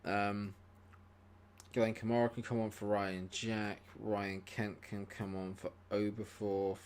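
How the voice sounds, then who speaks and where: A man streaming a football management game, muttering, then shouting and swearing at the match. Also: fairly low pitch, flat delivery, slow, a little hiss or hum. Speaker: gaming streamer. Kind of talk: live gameplay commentary.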